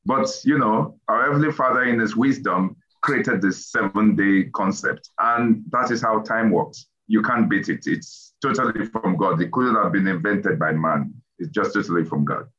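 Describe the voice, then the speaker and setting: A man's voice: lowish voice, normal speed, few pauses, fairly bright tone. A man in a casual discussion, speaking emphatically in firm statements. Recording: dull lo-fi sound.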